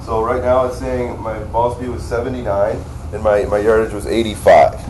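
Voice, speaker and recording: Low-voiced nasal man demoing a gadget. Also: level tone, background noise. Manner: halting, talks while operating a device. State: nasal from a cold. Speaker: product demonstrator. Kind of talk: casual product demonstration.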